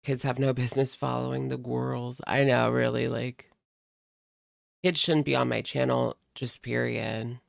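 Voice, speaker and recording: Chatty male streamer, heavy vocal fry, dry close sound, casual, filler-heavy. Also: medium pitch, little pitch movement, unhurried, no room sound. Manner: chatty, frequent "like" fillers, laughs often. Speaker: livestream commentary host. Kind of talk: casual chat reading viewer comments.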